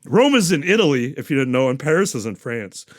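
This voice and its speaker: A man's voice: medium pitch, very animated, a little fast. A man hosting a podcast, recapping a movie in a rambling, profane, casual way. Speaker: podcast host.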